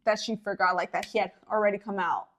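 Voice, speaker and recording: A woman's voice: mid-range voice, steady tone, fast talker, fairly bright tone. A young woman co-hosting a podcast, bantering and teasing her brother in casual chat. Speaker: podcast co-host.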